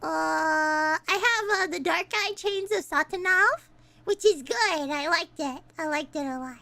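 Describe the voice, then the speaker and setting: A young woman streamer chatting casually, excitable and swearing, ranting and laughing a lot. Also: very high voice, a little slow, creaky, no echo.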